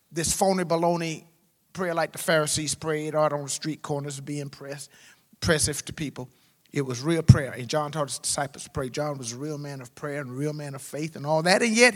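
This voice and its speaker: A pastor preaching a sermon, swinging from loud, rising exclamations to low, quiet asides. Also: male voice. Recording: long hall reverb.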